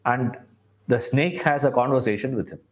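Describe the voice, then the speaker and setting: A man's voice: medium pitch, normal speed. A man, a spiritual teacher telling a story conversationally, often checking in with listeners. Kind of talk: storytelling talk.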